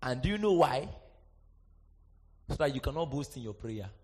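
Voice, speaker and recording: A man preaching a sermon, swinging from shouted emphasis to quiet asides and often asking the congregation if they are with him. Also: mid-range voice, very animated, normal speed. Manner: asks the congregation for response, sing-song emphasis.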